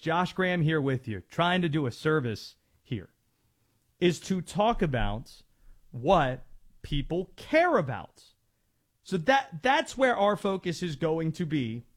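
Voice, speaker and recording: Brief: male sports talk host, emphatic and mocking, unhurried with a deliberate delivery. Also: high-pitched, a bit bright. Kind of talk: sports talk radio rant.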